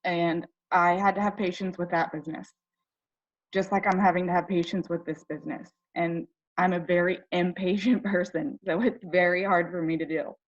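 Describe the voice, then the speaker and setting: Her voice lowish and steady, a woman from Ohio, United States, speaks at normal speed through dull audio. As a direct sales team member on a team call, she recounts her personal story emotionally and chattily, filling it with fillers.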